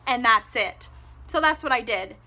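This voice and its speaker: A woman's voice: a little high, lively intonation, normal speed, pushed and bright. A young woman giving a casual, ranting book review, exasperated and sarcastic, swearing freely.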